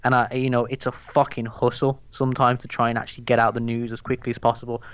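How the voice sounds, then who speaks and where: A man's voice: mid-range voice, level tone, quick pace, a bit bright, smooth, no echo, dull audio. A young man with a Birmingham accent chatting casually as a podcast guest, rambling and swearing with lots of fillers. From England. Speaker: guest, MMA news account runner.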